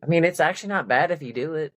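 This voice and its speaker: A man's voice: a little high, racing, poor audio. A man hosting a podcast, chatting casually and rambling with many restarts. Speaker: podcast host. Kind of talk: casual chat.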